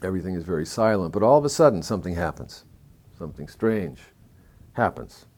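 A man telling a story in a talk, moving between hushed, somber passages and lively, excited stretches. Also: low voice, brisk.

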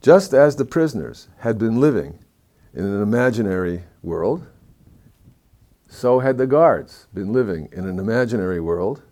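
A man telling a story in a talk, moving between hushed, somber passages and lively, excited stretches. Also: lowish voice, moderate pace.

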